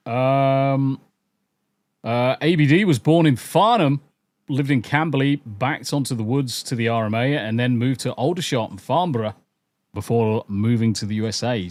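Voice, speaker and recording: An English podcast host talking in a mixed accent that blends Southern, Northern, Midlands and Essex sounds. He chats loosely, swears casually and repeats himself. His mid-pitched voice sits close and dry on the mic. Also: a little mellow, no room sound. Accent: mixed English, part Southern, Northern, Midlands and Essex.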